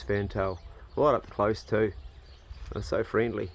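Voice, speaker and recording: Outdoors on his farm, a New Zealand man films a vlog on his phone, chatting easily and talking to the animals around him. His voice is lowish with fairly even intonation and an unhurried pace, and the background is noisy.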